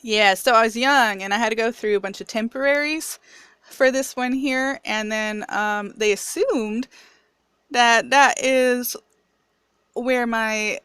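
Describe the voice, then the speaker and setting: A woman's voice: mid-range voice, fairly bright tone, clear, resonant tone, no room sound. A woman reviewer with a mixed, picked-up accent, talking candidly in a casual, chatty personal vlog. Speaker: video reviewer.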